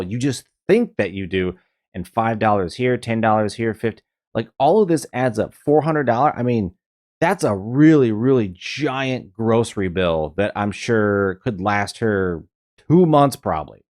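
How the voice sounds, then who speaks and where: A man's voice: mid-range voice, lively intonation, moderate pace, darkish tone. A man giving reaction commentary, lecturing in an emphatic way.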